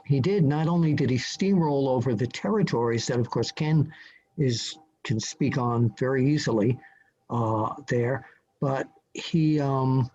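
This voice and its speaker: An older man, a journalist appearing as a podcast guest, telling a story from memory in a halting way, full of fillers and restarts. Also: medium pitch, a little mellow. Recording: slightly dull lo-fi audio with faint hiss.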